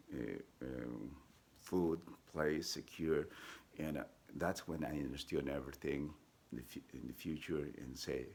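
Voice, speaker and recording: A man with a deep, gravelly voice tells his own story in a personal storytelling style. He talks haltingly, with frequent fillers and restarts. He jumps into high, lively voices when he quotes other people. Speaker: vlogger telling his life story.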